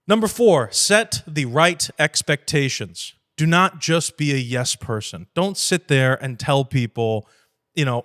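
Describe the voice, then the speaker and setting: A man hosting a podcast, speaking bluntly and profanely, lively, acting out conversations with clients. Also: on the high side, moderate pace. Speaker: podcast host. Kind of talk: casual podcast talk.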